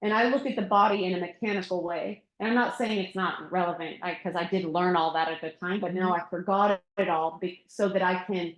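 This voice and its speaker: A woman's voice: fairly low pitch, a little fast, few pauses, lo-fi sound. Woman teaching thai bodywork to a group, laid back, laughs a lot, echoey room. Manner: relaxed and reflective, laughs often. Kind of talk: casual teaching in a group discussion. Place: yoga studio room.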